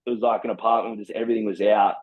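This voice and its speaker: A man's voice: lowish voice, flat delivery, rapid-fire, narrow, tinny audio. Blunt, swearing Australian man. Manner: blunt, swears a lot, heavy slang. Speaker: podcast guest. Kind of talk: casual storytelling.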